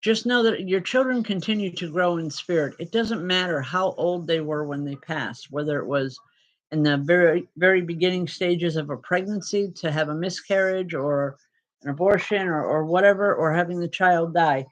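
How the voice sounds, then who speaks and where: A woman spiritual medium giving live-stream spirit readings to viewers, speaking in a gentle, reassuring way with pauses and fillers. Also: on the low side, poor audio.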